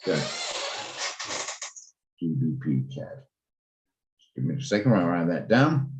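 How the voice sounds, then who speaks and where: A man's voice: deep voice, very animated, unhurried, echoey room, dull audio. A man hosting a live trading session, chatting and thinking aloud as he works through charts. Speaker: trading room host. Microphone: video call.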